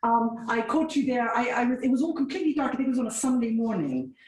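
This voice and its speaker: A woman's voice: a little high, lively intonation, quick pace, darkish tone, echoey room, slight background noise, poor audio. A woman hosting a casual live chat, talking freely with many fillers and frequent laughs. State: coughing from spicy food. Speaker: host. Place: home kitchen.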